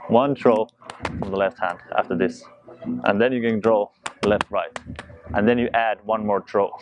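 A man teaching a juggling tutorial, talking fast and loosely while he demonstrates. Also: medium pitch, a little mellow, a little hiss or hum. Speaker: juggling instructor. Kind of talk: casual spoken tutorial.

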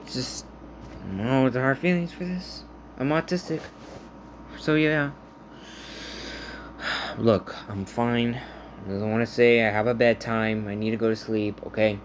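A man talking casually to his viewers in a halting, rambling way, full of restarts, earnestly reassuring them. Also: mid-range voice, slight background noise. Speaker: vlogger. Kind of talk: casual talk to camera.

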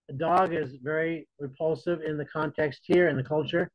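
A man delivers a conversational sermon, retelling scripture in plain modern words. His voice sits a little high and sounds husky. The recording is dry and close. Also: fairly even intonation, moderate pace, dry recording, dull audio. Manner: conversational preaching, paraphrases scripture in casual modern voice. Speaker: Bible teacher.

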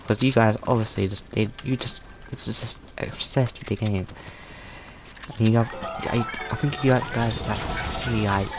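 A man's voice: on the low side, gravelly, noisy background. A man giving loose, rambling gaming commentary for his channel, full of slang and restarts. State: tired. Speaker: gaming video creator.

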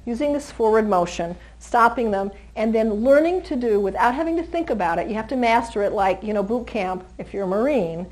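A woman dog trainer talks a live class through her methods with a lively, swooping voice. She is chatty and animated, laughs easily, and sits a little high in pitch. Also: a little fast, hardly any pauses, poor audio. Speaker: dog trainer teaching a seminar. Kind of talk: live teaching talk to an audience.

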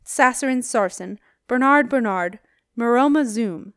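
A woman's voice: on the high side, clear, resonant tone, no room sound, natural voice. Storybook part: woman playing a stern, commanding head wizard, cutting, dry sound. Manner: loud, slow, cutting.

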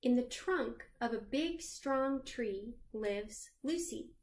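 A woman librarian reading a picture book aloud to children, gently asking them questions along the way. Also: a little high, lively intonation, slow pace. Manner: sings the chorus lines in a lilting voice.

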